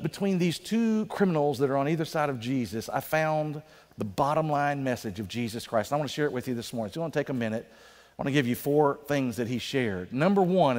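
A male pastor preaching a sermon in a conversational way, slowing down for emphasis. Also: medium pitch. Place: church sanctuary. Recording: reverberant church sanctuary.

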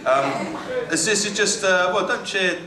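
A man doing live stand-up comedy, reading out jokes in a wry, halting way with lots of fillers and self-corrections. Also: high-pitched. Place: comedy venue with a live audience. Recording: echoey venue with loud crowd. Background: audience laughter and cheering.

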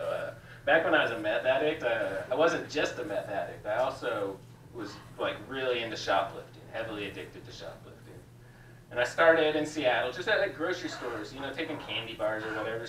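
A man's voice: mid-range voice, sharp tone. A man doing a stand-up set, telling loose, confessional stories full of swearing in a small cafe comedy room. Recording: roomy, distant with faint room noise.

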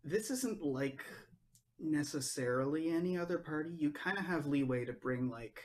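A man running a tabletop game as game master, explaining in a relaxed, practical way. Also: on the high side, normal speed.

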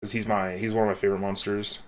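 A man's voice: fairly low pitch, level tone, quick pace. A young man co-hosting a casual podcast, rambling and laughing as he draws, swearing now and then. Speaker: podcast co-host. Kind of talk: casual chat while drawing.

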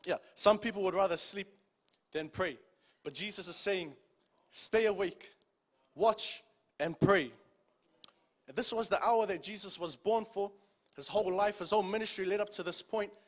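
A man with a high-pitched voice preaches a sermon. He reads scripture aloud, slows down on the key lines, and keeps calling out to the congregation with "amen" and "church.".

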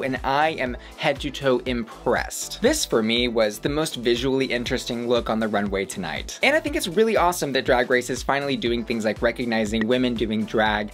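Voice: mid-range voice, a bit bright. A host giving casual commentary on runway looks, campy and full of slang, gushing over each one.

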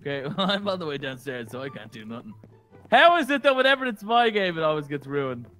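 A man co-hosting a gaming video, joking, laughing and reacting loudly as he plays. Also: fairly high pitch, fast talker, faint music behind. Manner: jokey, animated, shouts and laughs a lot. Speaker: co-host gaming partner. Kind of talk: casual gameplay chat.

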